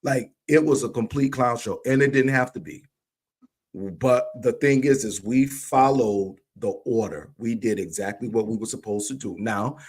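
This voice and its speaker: A man's voice: mid-range voice, husky. A man in a livestream conversation, telling a church story with animation and acting out the dialogue. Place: remote livestream call.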